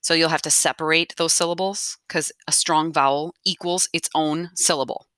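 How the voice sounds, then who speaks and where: A woman's voice: deep voice, steady tone, moderate pace, a bit bright, clear, resonant tone, no room sound, clean studio sound. A woman teaching a recorded grammar lesson, patient, restating each rule and checking in with "okay?". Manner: patient, repeats key points, checks in with "okay?". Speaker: Spanish teacher.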